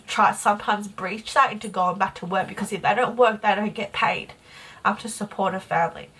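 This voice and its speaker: Australian woman, young adult, bright tense voice, frustrated, blunt, swears. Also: medium pitch, breathy edge. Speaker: vlogger. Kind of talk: casual venting to camera.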